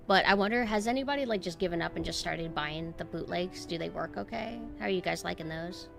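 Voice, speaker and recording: A woman streamer chatting casually with her viewers in a dry, deadpan monotone. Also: on the low side, brisk, vocal fry, music in the background.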